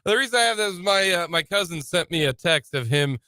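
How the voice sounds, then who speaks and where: Male sports radio host, high bright voice, dry studio sound, teasing and jokey. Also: expressive, fairly quick, clear, resonant tone, no echo. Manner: joking, teasing, laughs often. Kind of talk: casual sports radio banter.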